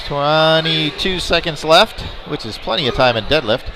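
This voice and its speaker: Meet announcer, male, slightly high voice, chatty and jokey, noisy venue. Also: expressive, normal speed. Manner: chatty, jokey asides between lifts. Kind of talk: live powerlifting commentary. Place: indoor competition venue. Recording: noisy arena ambience.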